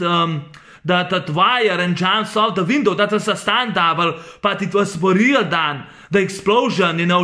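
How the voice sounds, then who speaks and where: Rambling man with a bright voice. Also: high voice. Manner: rambling, halting, many fillers and restarts. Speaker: movie reviewer. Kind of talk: casual spoken film review.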